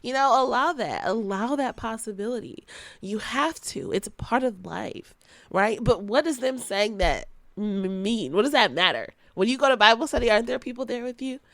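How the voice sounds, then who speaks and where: Speaking at normal speed in a slightly high voice with no room sound, a young podcast host talks frankly and casually, laughing often and using slang. She gets animated, playing her quoted friends in sassy voices.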